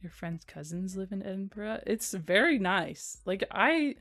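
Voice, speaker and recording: A woman's voice: medium pitch, animated, measured pace, fairly bright tone. A young American woman chatting casually on a live stream, giggling often and repeating phrases for emphasis. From United States.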